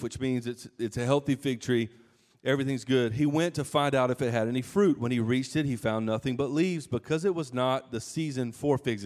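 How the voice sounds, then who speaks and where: A man's voice: mid-range voice, darkish tone. Conversational male pastor preaching. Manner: conversational preaching with asides and restarts. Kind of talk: sermon.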